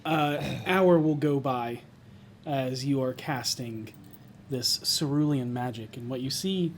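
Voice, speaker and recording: A man narrating a tabletop game as game master, describing scenes slowly and thoughtfully with pauses. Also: mid-range voice, slight background noise.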